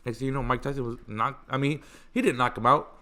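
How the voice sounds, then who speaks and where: A man hosting a podcast, telling stories in a casual, animated way, swearing freely and stressing points through repetition. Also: mid-range voice, quick pace. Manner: animated, profane, emphatic repetition. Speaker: podcast host. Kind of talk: casual storytelling chat.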